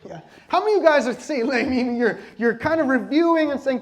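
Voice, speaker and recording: A man preaching a sermon in a lively, conversational way, joking and constantly asking the congregation questions. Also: extremely high pitch, a little fast, hardly any pauses. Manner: laughs easily and jokes with the congregation. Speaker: pastor.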